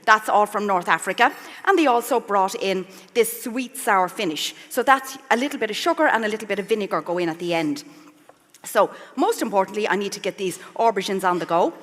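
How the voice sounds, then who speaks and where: A woman's voice: mid-range voice, lively intonation, brisk, a bit bright. Chatty Irish woman chef in a hall. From Ireland. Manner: chatty and self-mocking, laughing often. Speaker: chef giving a cooking demonstration. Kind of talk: live cooking demo on stage. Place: festival stage in a large hall. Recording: live hall reverb.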